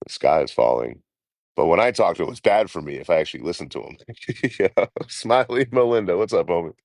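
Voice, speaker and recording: Gravelly low-voiced man, swearing. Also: expressive, brisk, darkish tone, no room sound. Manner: rambling, profane, laughing often. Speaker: travel vlogger. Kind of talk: casual live-stream chat.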